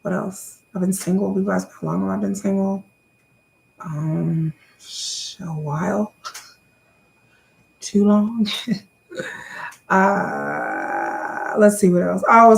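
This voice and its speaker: A woman in her thirties films a casual question-and-answer vlog to camera, chatty and often repeating words while calling her viewers y'all. Her voice is lowish and creaky.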